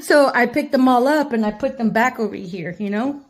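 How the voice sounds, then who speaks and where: A woman's voice: fairly high pitch, expressive, normal speed. A woman telling a rambling story in a casual vlog, laughing often and swearing freely. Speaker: vlogger. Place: her cousin's home.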